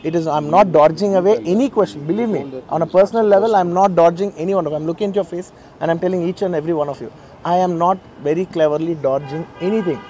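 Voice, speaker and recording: A man's voice: fairly high pitch, quick pace, darkish tone. A middle-aged man with a Telugu accent, speaking at a press meet in a garden, giving an emotional statement and insisting on his point with many repeated phrases. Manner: earnest, insistent, repeats himself. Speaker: actor at a press conference.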